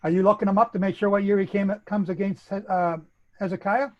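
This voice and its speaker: A man's voice: high-pitched, fairly even intonation, fairly quick, highs cut off, slight background noise. A man with a Canadian accent, methodically explaining a bible chronology as a guest speaker. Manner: methodical, lecturing.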